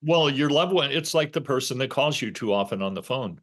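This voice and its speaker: A man's voice: medium pitch, expressive, brisk, a bit bright. A man hosting a podcast, earnestly giving advice straight to the listeners in casual chat. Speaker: podcast host.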